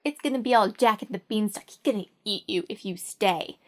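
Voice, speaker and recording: A woman's voice: medium pitch, fairly quick. A woman telling a fairy tale in a casual, playful way with wry asides. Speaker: storyteller.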